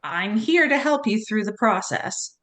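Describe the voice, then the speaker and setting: A woman's voice: medium pitch, lively intonation, unhurried, a bit bright. A woman in her forties who works as a therapist, speaking in a candid podcast chat. She is blunt and frank, and she swears casually. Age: 40s.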